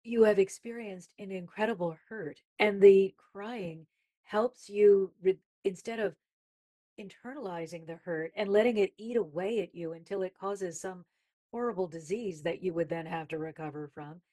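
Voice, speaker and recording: A woman's voice: medium pitch, normal speed, dark tone. A woman guest on a faith-based talk show, speaking emphatically and reflectively as she builds her points. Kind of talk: casual faith-based conversation.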